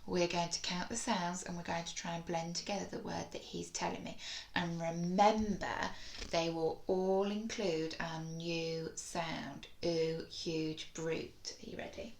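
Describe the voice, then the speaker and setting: Slow-talking woman teaching phonics, echoey room. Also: fairly low pitch, level tone. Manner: sounds out words slowly and clearly, encouraging. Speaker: primary school teacher. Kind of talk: recorded phonics lesson for young children.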